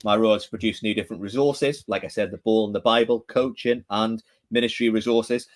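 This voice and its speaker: A man's voice: on the low side, steady tone, a little fast. A man with a Geordie accent from northeast England, co-hosting a podcast in casual chat, chatty and full of questions. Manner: chatty, asks many questions, friendly teasing. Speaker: podcast co-host, director of training. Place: home room in England.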